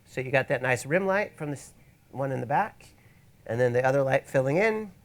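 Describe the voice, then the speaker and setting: Male workshop presenter, gravelly mid-range voice, relaxed teaching tone with wry rambling asides. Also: mid-range voice, moderate pace. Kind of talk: casual instructional talk. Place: event space, in front of an audience.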